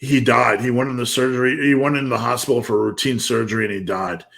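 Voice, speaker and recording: A man's voice: medium pitch, steady tone, fast talker, gravelly, fairly bright tone. A man in his fifties giving a blunt, intense motivational rant, swearing heavily. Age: 50s. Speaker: motivational speaker.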